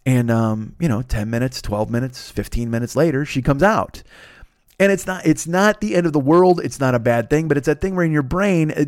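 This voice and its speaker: A man hosting a podcast alone, hoarse and congested with a cold, rambling through a profane story. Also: mid-range voice, animated, moderate pace, no echo, clean studio sound. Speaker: podcast host. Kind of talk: casual solo monologue.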